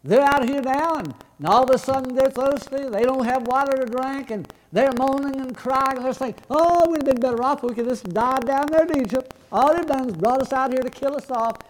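A man's voice: very high voice, rapid-fire, hardly any pauses, fairly bright tone, slight background noise, voice pushed up, rough recording. A man preaching, voicing a reluctant male prophet who pleads anxiously in a raised, strained voice. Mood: pleading.

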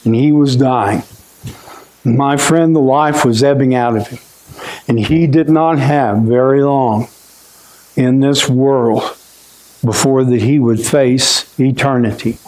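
A man preaching a sermon in a folksy way, often saying "my friend" and dropping his voice low and quiet when he is moved. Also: takes it slowly, poor audio. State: choked up.

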